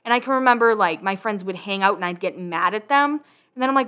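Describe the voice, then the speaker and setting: A woman's voice: mid-range voice, fast talker. A young woman hosting a casual recap chat, talkative and swearing freely. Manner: chatty, swears freely, quotes people in animated voices. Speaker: podcast host recapping a reality show.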